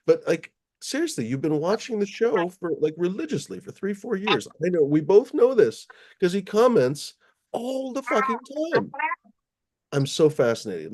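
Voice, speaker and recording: A man hosting a livestream in a loose, rambling way, with frequent swearing and plenty of uhs. His voice is mellow and dark, at a medium pitch for a man. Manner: rambling, profane, with many fillers. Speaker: livestream host. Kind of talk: casual livestream chat.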